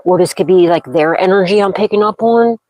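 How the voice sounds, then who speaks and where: A woman's voice: medium pitch, fairly quick, darkish tone, no room sound, rough recording. Rambling woman reading tarot, dry sound. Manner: rambling, frequent "okay?" check-ins; intuitive, dramatic pronouncements. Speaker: tarot reader.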